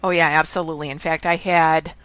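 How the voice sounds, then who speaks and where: A woman hosting a podcast, asking curious questions in a relaxed conversational way. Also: low-pitched, a little fast. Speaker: podcast host. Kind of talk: casual interview.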